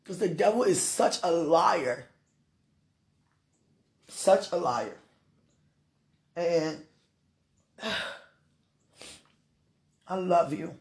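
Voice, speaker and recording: A woman speaking a heartfelt, tearful prayer and personal message, halting between soft laughs and sighs. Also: on the low side, animated.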